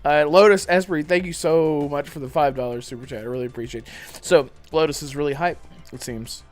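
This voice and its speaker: A man's voice: a little high, a little fast, faint music behind. A man hosting a casual gaming podcast livestream, reading chat messages aloud and laughing often. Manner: animated, laughs often, acts out movie lines.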